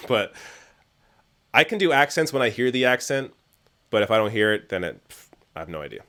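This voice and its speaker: A man's voice: on the low side, sing-song, brisk, fairly bright tone. Chatty Canadian man reading live chat. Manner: chatty, laughs often, trails off with fillers. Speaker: livestream host answering chat.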